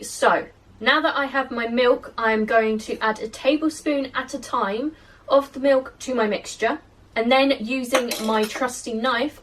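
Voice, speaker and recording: A woman vlogger giving a casual how-to baking walkthrough in a home kitchen, chatty and self-deprecating, and coaxing her dough along as she works. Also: a little high. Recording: distant mic with faint kitchen clatter.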